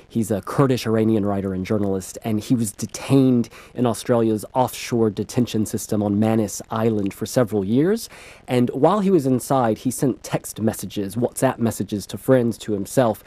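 A man giving calm, considered commentary in a radio discussion. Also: fairly low pitch, dry recording. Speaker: studio guest commentator.

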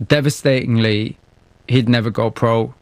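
A male radio host who narrates a scripted story and asks measured, sympathetic interview questions. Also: mid-range voice, steady tone, no echo.

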